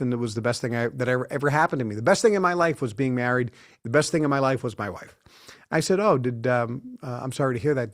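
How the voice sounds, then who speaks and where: In a studio interview, a guest in his sixties speaks at a medium pitch, with no room sound on the recording. He's an anecdotal talker who tells long stories and acts out the dialogue.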